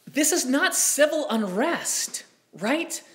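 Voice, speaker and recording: A man's voice: very high-pitched, slow pace. Impassioned male talk show host. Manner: impassioned, animated, with frequent asides. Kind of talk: live talk show monologue.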